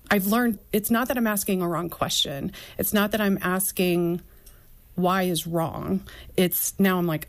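A woman's voice: mid-range voice, normal speed. A woman speaking as a guest, telling her own story of faith and doubt in an earnest, flowing way. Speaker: podcast co-host and author guest. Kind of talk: candid personal faith talk.

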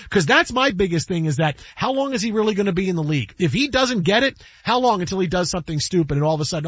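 A man's voice: sits high, expressive, fast talker, hardly any pauses, fairly bright tone, breathy edge, dry recording. A man hosting a sports talk show, giving emphatic opinions, stammering on repeated words and firing rhetorical questions. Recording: dull lo-fi recording.

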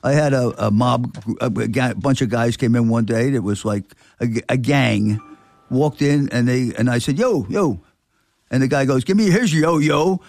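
A man's voice: medium pitch, moderate pace, vocal fry, no room sound. An older man, a record store owner telling a story in casual chat, acting out the voices of people in it. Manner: animated, acts out quoted dialogue.

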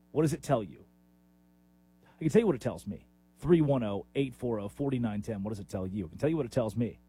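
This sports radio host talks fast in a medium-pitched, slightly rough voice. His monologue is animated and full of strong opinions, punctuated by emphatic, sudden rises.

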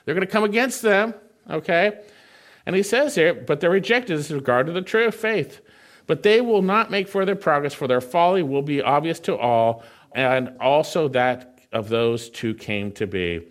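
Preacher man, fairly high voice. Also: expressive. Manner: reads scripture slowly, then explains in a conversational way. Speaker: pastor. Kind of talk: sermon.

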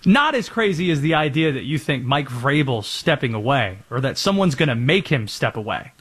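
A man's voice: mid-range voice, big pitch swings, normal speed, a bit bright, slightly rough. A man hosting a sports talk show, laying out the schedule news and pushing back confidently in debate.

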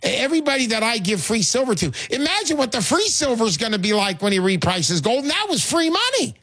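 A man's voice: extremely high pitch, sing-song, quick pace, sharp tone. A man hosting a call-in radio show, talking in a brash, jokey, salesy way.

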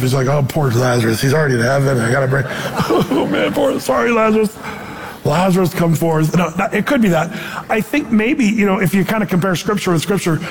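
A man preaching a sermon with an animated delivery that slips into quoted voices. His voice sits high for a man. A long hall reverb trails behind every phrase. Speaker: pastor.

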